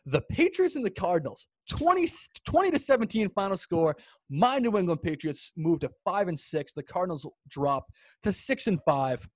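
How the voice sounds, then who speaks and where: High-voiced excitable young man. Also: normal speed, no room sound, clean studio sound. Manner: excitable, swearing, animated storyteller. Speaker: podcast co-host. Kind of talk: casual sports chat.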